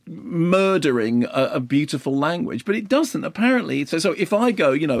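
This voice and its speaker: A man co-hosting a film review radio show, telling a story in animated casual chat with bursts of excitement. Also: fairly high pitch, moderate pace, creaky, no room sound. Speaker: film critic co-host.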